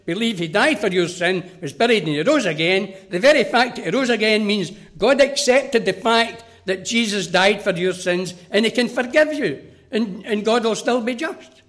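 A man's voice: high-pitched, expressive, moderate pace, a bit bright. A man preaching a sermon, earnest and direct, speaking straight to the children.

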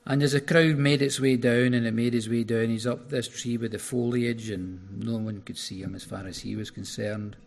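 A man preaching a sermon, retelling a story in an animated way with sudden rises in his voice. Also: medium pitch, normal speed, gravelly, hardly any pauses.

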